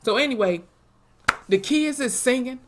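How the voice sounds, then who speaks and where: A young woman, recapping a TV episode in an animated, profane way and acting out the characters' lines. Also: high-pitched, moderate pace, noisy background. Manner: animated, profane storytelling with acted-out quotes. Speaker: TV episode reviewer. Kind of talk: casual recap vlog.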